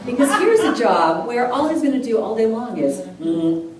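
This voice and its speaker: A woman's voice: fairly high pitch, sing-song, moderate pace, crowd noise. A woman telling a personal story to a church congregation, acting out voices and laughing often as she speaks. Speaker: guest speaker and singer at a church service. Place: church hall with a live audience. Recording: echoey hall, heard from a distance, audible noise.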